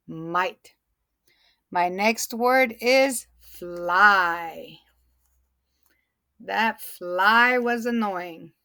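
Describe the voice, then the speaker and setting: A woman teaches a phonics lesson at an unhurried, careful pace, drawing out and repeating each word for young learners. Her voice sits at an ordinary middle pitch and is recorded close and dry, with no room sound. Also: fairly bright tone, no echo. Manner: slow, deliberate, stretches and repeats words.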